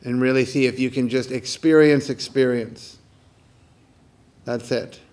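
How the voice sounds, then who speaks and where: A man who teaches meditation, guiding a mindfulness practice outdoors in a calm, gentle, unhurried way with soft, repeated questions. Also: mid-range voice. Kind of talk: guided meditation talk. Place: outdoors on a morning walk.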